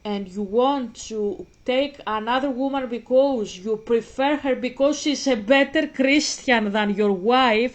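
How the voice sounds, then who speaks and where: A woman from Greece, ranting emphatically in a casual vlog monologue and arguing directly with a critic. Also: a little high. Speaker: vlogger.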